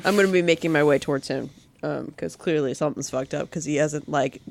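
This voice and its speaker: A woman's voice: low-pitched, fast talker, creaky, a little mellow, a little hiss or hum. A woman playing a tabletop role-playing game, speaking hesitantly with fillers and self-corrections. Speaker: player. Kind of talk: casual tabletop role-play.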